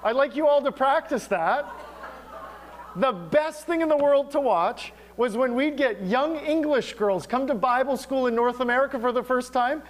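Middle-aged man, very high voice, pastor preaching with humor and little acted-out exchanges. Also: moderate pace, a little hiss or hum. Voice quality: animated, humorous storytelling with acted-out dialogue. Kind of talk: sermon.

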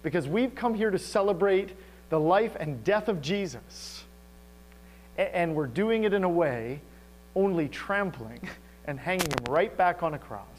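A man preaching a sermon as pastor, animated and asking the congregation rhetorical questions. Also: sits high, measured pace, a little hiss or hum, low-quality recording.

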